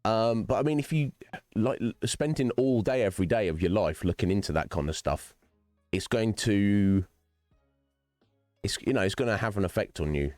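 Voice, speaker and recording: Rambling low-voiced male streamer. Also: animated, moderate pace, a little mellow, dry recording, faint music behind. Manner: rambling, philosophical, swears freely; chats directly to viewers by name. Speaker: streamer host. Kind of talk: casual livestream chat while gaming.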